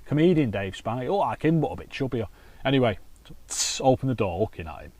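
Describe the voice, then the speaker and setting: A man's voice: mid-range voice, big pitch swings, quick pace, darkish tone, slight background noise. A man chatting casually to camera outdoors by a lake, telling anecdotes while fishing. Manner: chatty anecdotal storytelling with swearing. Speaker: carp angler and vlogger.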